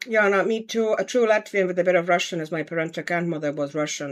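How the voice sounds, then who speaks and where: A woman's voice: on the low side, steady tone, fast, hardly any pauses. A woman from Estonia, chatting casually at home on a livestream while colouring and answering viewer comments. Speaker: livestream host, colouring artist.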